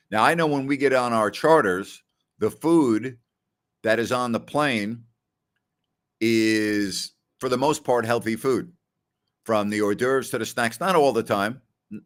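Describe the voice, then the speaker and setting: A middle-aged man hosting a casual live question-and-answer show, talking loosely with many "you know" and "I mean" asides. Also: fairly low pitch. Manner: conversational storyteller, frequent "you know" and "I mean". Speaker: podcast host.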